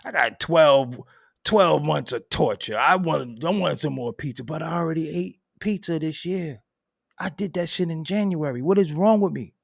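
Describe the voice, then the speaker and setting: Man hosting casual stream chat, profane and laughing, gravelly voice, very dry sound. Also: on the high side, moderate pace, no room sound. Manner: loud, laughing and profane, swings between mumbling and shouting; reads and answers viewer chat. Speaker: host.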